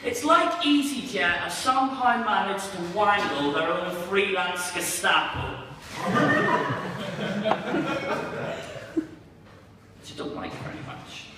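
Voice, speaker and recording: A man's voice: sits high, expressive, takes it slowly, long pauses, background noise. Northern Irish man, echoey comedy room. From Northern Ireland. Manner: rambling, self-deprecating, sardonic asides. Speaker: stand-up comedian. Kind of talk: stand-up comedy set. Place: small comedy venue, reverberant room. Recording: distant mic, echoey hall, audience laughter.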